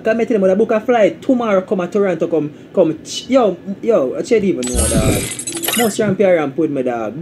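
A man with a Jamaican accent live-streaming to his viewers, repeating catchphrases and breaking into sudden high, loud outbursts. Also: a little hiss or hum. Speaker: game streamer.

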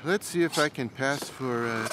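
An actor voicing a sarcastic, lazy male cartoon cat in a dry, slow drawl. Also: medium pitch, very noisy, close to an everyday voice. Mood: sardonic. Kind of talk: cartoon voice acting. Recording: loud cartoon music behind.

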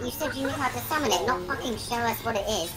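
A woman's voice: on the high side, expressive, fast, loud music behind the voice. A woman in casual voice chat while gaming, swearing and barking orders at her team. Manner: swearing, exclamatory, bossy. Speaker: gamer in voice chat.

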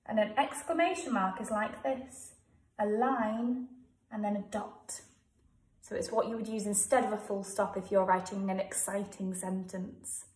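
A woman with an English accent teaching a home writing lesson to young children. She talks slowly and sounds words out letter by letter. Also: mid-range voice, darkish tone. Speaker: primary school teacher. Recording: echoey room, voice from a distance.

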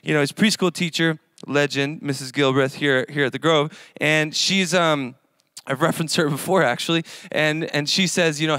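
A man's voice: a little high, normal speed, bright, forceful tone, dry recording, clean studio sound. A man in his thirties giving a casual sermon as a young adults pastor, telling a story in a chatty, rambling way with lots of fillers.

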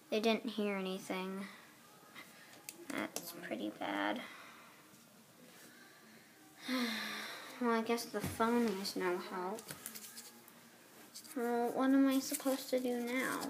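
A woman's voice: on the high side, fairly even intonation, slow pace, long pauses, a little hiss or hum. A woman voicing all the characters of a homemade doll drama, switching between girlish voices with giggles and whispers. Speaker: doll video voice performer.

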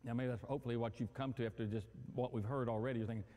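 Animated preacher man in an echoing hall. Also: medium pitch, very fast. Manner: animated, acts out quarrels and phone calls with humor. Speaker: pastor. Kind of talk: sermon.

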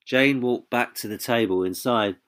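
A man narrating a novel in an audiobook in a measured storytelling manner. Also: medium pitch, fairly bright tone, clear, resonant tone.

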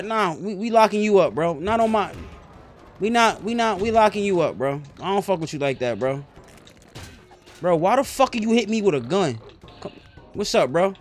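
A man's voice: high-pitched, animated, brisk. A young man with a New York accent, chatting brashly and profanely while streaming a roleplay game. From New York area and New Jersey. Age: young adult. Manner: brash, profane, streetwise banter. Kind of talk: live-streamed roleplay chat.

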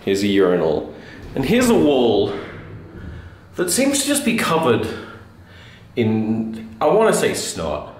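A man's voice: mid-range voice, huge pitch swings, slow, pauses often, a little mellow, a little hiss or hum. A man casually vlogging to camera, rambling with lots of restarts. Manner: chatty, rambling with frequent restarts. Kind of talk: casual vlog.

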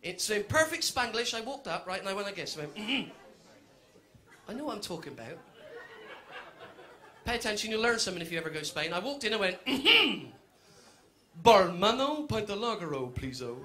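A man's voice: high-pitched, animated, fast, long pauses, sharp tone. A man from Cornwall doing a stand-up comedy routine, telling a story with cheeky asides and silly put-on Spanish words. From Cornwall, England. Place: live comedy venue before an audience. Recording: audience murmur and faint noise.

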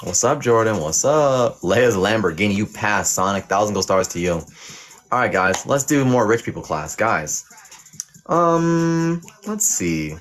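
Over soft background music, a young man with a fairly low, fairly bright voice speaks at a moderate pace with lively intonation. He is hosting a livestream as a mock teacher, reading the chat and dishing out teasing, profane pass-or-fail verdicts.

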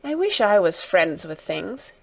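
A woman voicing a sickly, eager and wondering boy, exclaiming in a high, delighted, breathless way. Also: very animated, unhurried, vocal fry, full character voice, rough recording. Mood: wistful.

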